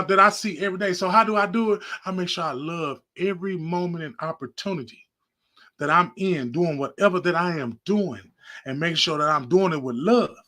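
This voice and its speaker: A podcast host with a high, bright, forceful voice preaches casually straight to his viewers. He rambles and repeats himself, recording on a phone held close.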